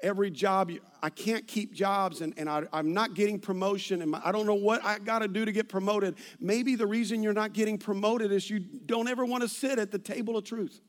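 A man's voice: high-pitched, steady tone, brisk, hardly any pauses. A middle-aged man, a pastor preaching a sermon full of personal stories, telling them animatedly with many restarts and asides.

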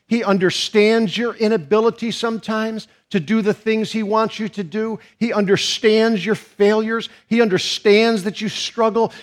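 A man preaches a sermon to his congregation in a high, bright voice. He builds to near shouts and then drops to hushed, slow phrases. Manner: dynamic preaching, rising to shouts and dropping to hushed tones. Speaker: pastor.

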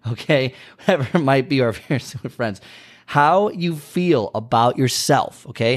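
Animated man with a casual motivational talk. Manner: talks to listeners directly, repeating "okay?" and stretching key words; animated, leaps in pitch and speed for emphasis. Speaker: motivational speaker.

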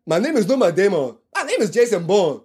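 A man puts on a stiff, self-important movie-star spy voice, pitched well above his own. The lines come out flat and solemn, in a strange, altered tone. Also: fairly quick, breathy edge, heavily acted. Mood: deadpan. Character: man impersonating a film star playing an action-hero spy.

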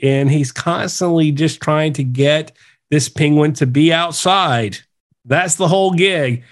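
A man co-hosting a podcast in casual chat, earnest and full of "you know". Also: fairly high pitch. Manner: filler-heavy, earnest. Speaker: podcast co-host.

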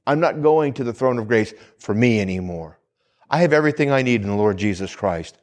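A man's voice: mid-range voice, expressive, fairly quick, a little mellow. A man, a pastor, giving a conversational sermon that repeats phrases and asks the congregation questions.

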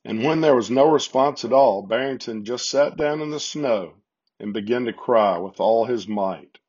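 A man reads a children's Christmas story aloud in a steady, gentle way. His voice is husky and sits at a middle pitch. The recording has a slightly dull, lo-fi sound. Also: moderate pace.

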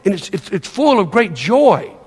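An older man preaching a sermon, telling stories with lively delivery and acting out the voices of the people he quotes. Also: sits high, moderate pace, slightly rough. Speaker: pastor. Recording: long reverb of a large hall.

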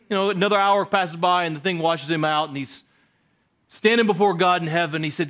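A man preaching a sermon in a loose, conversational way. He often stalls and repeats words, then pushes on. His voice sits a little high for a man. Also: a little fast, a bit bright. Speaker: guest preacher.

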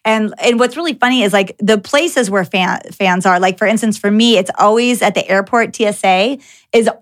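A young adult woman hosting a podcast, telling anecdotes in an animated, filler-heavy casual chat. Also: mid-range voice, moderate pace. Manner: animated storyteller with many "like" fillers. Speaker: podcast host.

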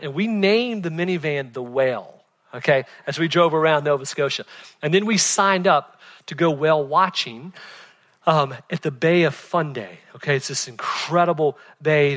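Animated pastor with a fairly high voice. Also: male voice. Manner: conversational, peppered with "right?", laughs often; swings from loud excited bursts to hushed low tones. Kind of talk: sermon.

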